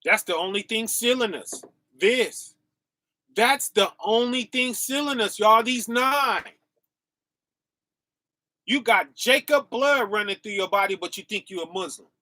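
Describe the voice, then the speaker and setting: A man with a high, bright voice preaches slowly in on a casual livestream. He calls out to his viewers with animated energy and laughs often. The sound is dry and close. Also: no room sound.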